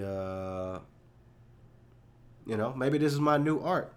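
A man's voice: lowish voice, animated, slow pace, heavy background noise. A young man hosting a solo podcast, rambling off the cuff in a loose, profane, self-deprecating way with lots of fillers. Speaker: podcast host.

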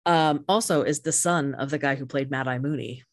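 A woman's voice: rumbling low, a little fast, dry recording, studio quality. A woman co-hosting a podcast, chatting casually with lots of fillers and casual swearing, recorded over a video call. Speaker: podcast co-host. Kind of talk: casual chat.

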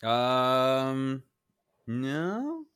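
A man's voice: mid-range voice, big pitch swings, drawn-out words, fairly bright tone, clear, resonant tone. A middle-aged man co-hosting a casual gaming chat show, rambling and hedging with frequent chuckles. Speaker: podcast co-host.

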